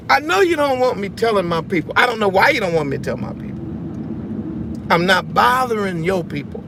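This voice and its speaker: A man's voice: very high voice, vocal fry, noisy background. A man hosting a casual vlog rant from inside a car, slangy and emphatic, full of rhetorical questions. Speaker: video host.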